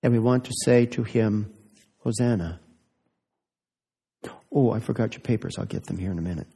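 A man's voice: lowish voice, quick pace, warm tone, slightly rough, big-room sound. A man giving a children's sermon as a pastor, asking playful, teasing questions of the children.

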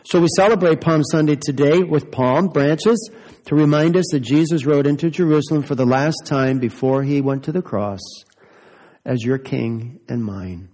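A man's voice: a little high, normal speed, a little mellow, big-room sound. A man giving a children's sermon as a pastor, asking playful, teasing questions of the children.

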